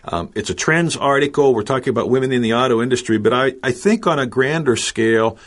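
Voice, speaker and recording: A man co-hosting a radio panel show, upbeat and animated with a playful streak. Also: mid-range voice, fast talker.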